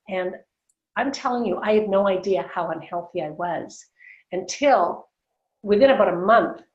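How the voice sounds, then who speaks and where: Casting note: woman in her 60s, animated storyteller on a video call, echoey and slightly muffled. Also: mid-range voice. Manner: animated, laughs often, acts out quoted dialogue. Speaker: guest.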